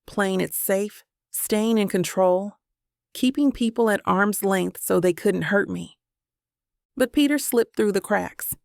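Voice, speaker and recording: A woman narrates a first-person romance audiobook in an intimate, reflective tone. Her voice has a gravelly fry, and the recording is dry and close with no room sound. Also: mid-range voice, takes it slowly, darkish tone, no room sound.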